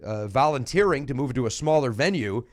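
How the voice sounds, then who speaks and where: Fast-talking, lively comedy podcast host. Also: male voice, medium pitch. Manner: rambling, animated, mock-ranting with crude jokes; plugs shows in quick patter.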